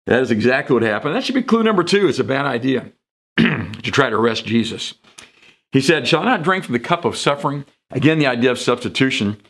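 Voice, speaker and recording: Guy pastor preaching sunday sermon, chatty, mid pitch, does little voices for the bible folks. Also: animated, a little fast, a bit bright. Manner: conversational, jumps into quoted voices for emphasis. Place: church sanctuary.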